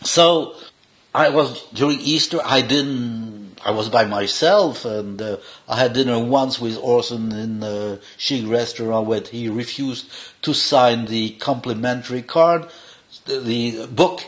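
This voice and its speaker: An older man, a cinematographer, telling animated, rambling stories in casual, non-native English with restarts. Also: mid-range voice, measured pace. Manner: rambling, animated anecdotes with frequent laughs and restarts. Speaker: cinematographer being interviewed. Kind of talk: casual anecdotal storytelling.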